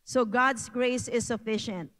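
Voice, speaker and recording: A woman's voice: fairly high pitch, steady tone, fairly bright tone, big-room sound, low-quality recording. A woman with a Filipino accent giving an earnest, repetitive health talk at a church prayer meeting. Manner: earnest, repeats phrases, slow.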